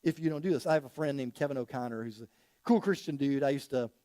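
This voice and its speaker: A man's voice: medium pitch, quick pace, dark tone, no room sound. A man preaching a casual, story-driven sermon as a pastor, acting out quoted dialogue with rising energy.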